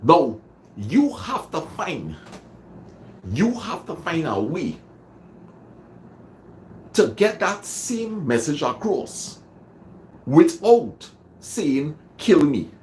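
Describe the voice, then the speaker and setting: A man's voice: a little high, big pitch swings, extremely slow, long pauses, a little mellow, a little hiss or hum. A man with a Trinidadian accent hosting a motivational livestream, greeting viewers and repeating phrases dramatically for emphasis. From Trinidad and Tobago. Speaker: livestream host.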